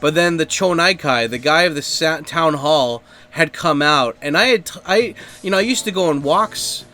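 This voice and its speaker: A podcast host with a slightly high, sharp-toned voice tells a story at a moderate pace. He rambles casually, swears, and leans heavily on fillers and acted-out quotes.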